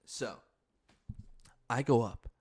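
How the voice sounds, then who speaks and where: A young man hosting a podcast, telling a story in a frantic, excitable, swearing casual chat. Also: medium pitch, very slow, breathy edge. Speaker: podcast host.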